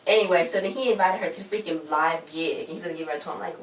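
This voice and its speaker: Brief: low-voiced woman, quick rambling slangy recap, echoey room, distant mic. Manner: rambling, slangy, exasperated asides. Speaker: TV episode reviewer. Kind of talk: casual recap chat. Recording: roomy echo, distant mic, faint hiss.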